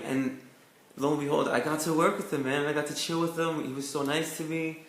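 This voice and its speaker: A man's voice: a little high, steady tone, normal speed, a bit bright, roomy sound. A young man from Canada, an actor telling his career story in a casual interview, full of "like" and "you know". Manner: chatty, lots of "like" and "you know" fillers. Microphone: video call.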